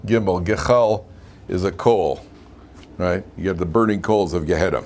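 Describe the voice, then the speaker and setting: Man, rabbi, informal class, lively questioning, classroom, faint noise. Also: sits low, normal speed. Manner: lively, asks the class questions, frequent "right?".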